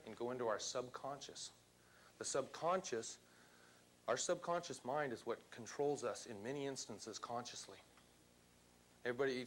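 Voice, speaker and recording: A man's voice: medium pitch, a bit bright, slight background noise. Motivational man addressing a seminar crowd. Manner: emphatic, quizzes the audience. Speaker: seminar speaker. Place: seminar room before a live audience.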